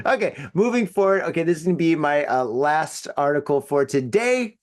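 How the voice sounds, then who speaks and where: A man hosts a solo podcast, reading out odd news and riffing on it in a loose, rambling way. His voice sits a little higher than most men's. He leans on fillers and jokes. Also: animated, moderate pace. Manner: rambling, joking, filler-heavy. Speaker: podcast host.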